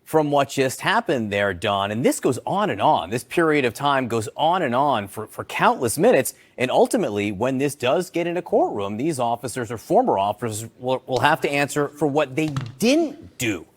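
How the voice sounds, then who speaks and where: A man anchoring a cable news broadcast, speaking in a measured, solemn way. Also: medium pitch, sing-song.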